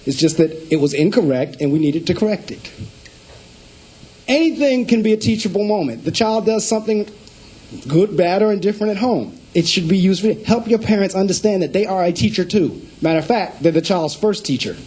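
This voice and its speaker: A middle-aged man speaks as a school principal giving a presentation to district staff. His voice sits a little high but sounds warm and mellow, with a husky edge. He tells stories with emphatic, preacher-like delivery and acts out the conversations. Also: animated, fairly quick, rough recording. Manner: storytelling speaker acting out phone calls.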